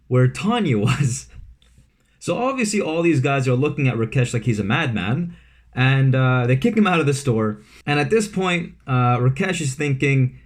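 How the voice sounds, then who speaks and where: A young man from Vancouver, telling a casual storytime at home, full of fillers and asides. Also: medium pitch. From Vancouver, Canada. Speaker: vlogger. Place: his room at home.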